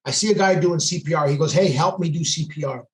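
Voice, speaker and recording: Speaking at a quick pace in a slightly high voice, a man who works as a police sergeant recounts a story on a podcast. He's intense and quotes the dialogue aloud in a casual, storytelling way, recorded in a room with noticeable echo.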